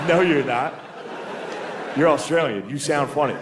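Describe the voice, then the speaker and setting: A man's voice: fairly high pitch, moderate pace, pauses often, heavy background noise. A man in his thirties doing a stand-up comedy routine on a club stage, talking loosely, swearing a lot and mocking himself. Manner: casual, swearing, self-deprecating, drops into silly voices. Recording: live club recording, loud audience laughter. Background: audience laughter.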